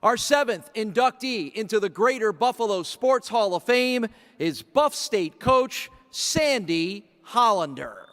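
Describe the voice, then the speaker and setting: High-voiced man emceeing a banquet. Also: expressive, fairly bright tone. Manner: brisk and announcing. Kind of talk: banquet announcing. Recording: reverberant hall, faint room noise.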